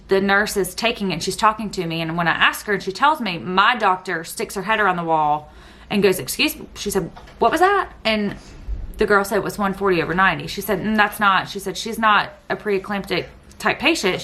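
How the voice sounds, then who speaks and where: A woman's voice: mid-range voice, a bit bright. Woman telling a painful story. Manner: tearful, voice breaking while recounting. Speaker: vlogger. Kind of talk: personal storytelling.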